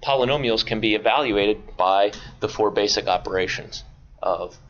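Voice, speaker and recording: Male instructor, deep-ish voice, halting classroom explanation, dull lo-fi classroom audio. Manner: hesitant, filler-heavy explaining. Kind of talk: classroom lecture.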